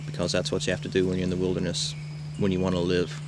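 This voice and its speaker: A man's voice: low-pitched, fast talker, vocal fry. Man spinning a tall tale outdoors. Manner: animated, shouts quoted lines. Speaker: camp counselor. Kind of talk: tall-tale storytelling to campers. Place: outdoors at a rural camp. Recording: noisy outdoor camcorder recording.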